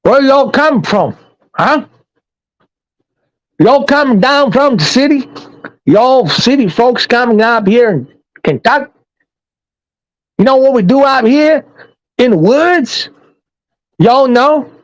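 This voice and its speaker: A man's voice: extremely high pitch, pitched above the performer's own voice, heavily acted. A man voicing a rowdy hillbilly who mocks city folks in a put-on drawl. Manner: drawling, teasing, loud.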